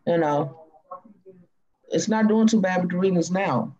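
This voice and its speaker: A woman with a Cajun accent hosting a casual live stream, rambling in a folksy way with drawn-out fillers. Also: on the low side, mellow, muffled recording. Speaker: live-stream host reading cards.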